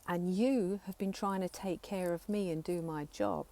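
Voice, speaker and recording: A woman therapist with a fairly low voice talks the listener through a guided exercise. Her scripted lines come soft and slow and soothing, while her explanations pick up pace and energy. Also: fairly even intonation.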